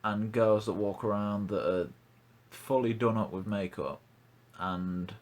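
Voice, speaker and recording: A man's voice: lowish voice, measured pace. A young man hosting a casual podcast, blunt and ranting, swearing freely. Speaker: podcast host.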